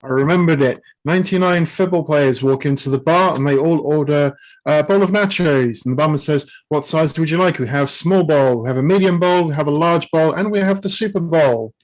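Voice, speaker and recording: Improv player, man, slightly high voice, steady joke setups. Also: fairly quick, poor audio. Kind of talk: telling quick jokes.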